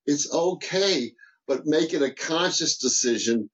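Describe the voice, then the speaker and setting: Male guest mentor, animated, stumbling restarts, lightly raised pitch. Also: unhurried, poor audio. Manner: animated, frequent restarts and repeated words. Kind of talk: casual interview talk.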